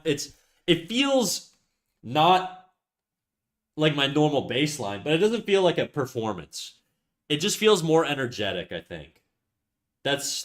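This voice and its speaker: A young man streams live, chatting casually in an upbeat, talkative way while restarting and stumbling over his words. His voice is medium-pitched and a bit bright.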